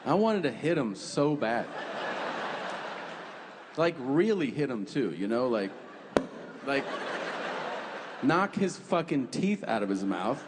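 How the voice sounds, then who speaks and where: A man works a comedy stage, his mid-pitched voice swinging widely as he spins profane, conversational tales. The sound carries a long hall echo, with clear audience ambience beneath it. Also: sing-song, slow, long pauses, heavy background noise. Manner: crude, profane, conversational storyteller who acts out quotes. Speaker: stand-up comedian. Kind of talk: stand-up comedy storytelling. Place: comedy venue stage before a live audience. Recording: reverberant hall with crowd ambience.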